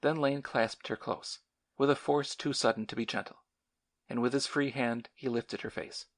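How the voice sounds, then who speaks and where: A man narrating a novel as an audiobook, in measured, dramatic storytelling. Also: mid-range voice, fairly even intonation. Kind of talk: scripted narration.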